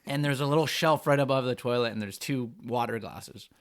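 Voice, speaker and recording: A young man from Canada, a pro freeskier, telling a rambling, animated story on a podcast and saying "like" a lot. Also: mid-range voice, fairly quick, smooth. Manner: animated, rambling anecdotes full of "like".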